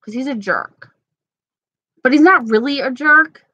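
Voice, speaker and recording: A woman's voice: high-pitched, expressive, a little slow, sharp tone, no room sound, highs cut off. A woman casually chatting with her viewers, playful and gossipy, laughing often. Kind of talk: casual chat reading live comments.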